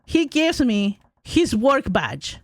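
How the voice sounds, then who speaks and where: Animated high-voiced woman streamer. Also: no echo. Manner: animated, exaggerated, quick asides and repeated phrases. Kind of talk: casual storytelling to chat while gaming.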